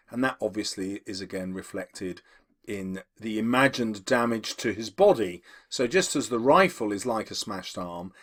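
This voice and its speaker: A man teaching English, explaining poetry analysis to students and slowing down to read quotations. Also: medium pitch. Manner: lively, emphatic, slows down to read quotations.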